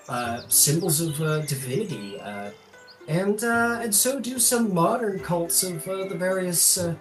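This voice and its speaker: Man putting on a sunny high-voiced druid woman with floppy ears, lively sing-song lilt, earnest and chatty, distant mic, faint music. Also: roomy sound. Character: gentle cheerful female druid with floppy ears.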